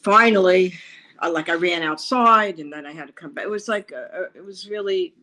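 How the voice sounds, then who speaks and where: A woman from Long Island, New York, recounting her past in an interview, with a halting, rambling, emotional way of telling it. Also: lowish voice, bright, forceful tone, rough recording. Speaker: interview guest. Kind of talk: personal storytelling interview.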